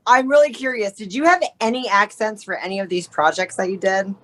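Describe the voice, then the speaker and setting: A woman host keeps the conversation going with curious, eager questions. She speaks at a middle pitch in a relaxed, chatty way. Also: brisk. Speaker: talk show host. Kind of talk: casual interview chat.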